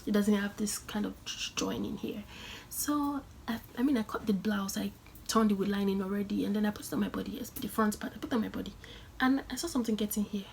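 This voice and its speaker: A woman's voice: mid-range voice, fast talker, creaky, a little mellow, a little hiss or hum. A young woman vlogging casually, telling a story dramatically and often dropping into whispered asides.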